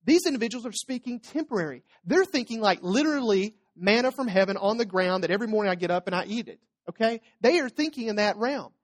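A man's voice: high-pitched, expressive, quick pace, few pauses. A man preaching a sermon as pastor, talking through scripture conversationally with tag questions and playful asides. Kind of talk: expository sermon.

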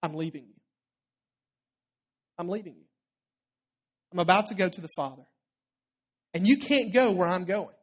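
A preacher voicing a gentle teacher, soft and low. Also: lively intonation, husky. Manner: soft, lowered, slowed.

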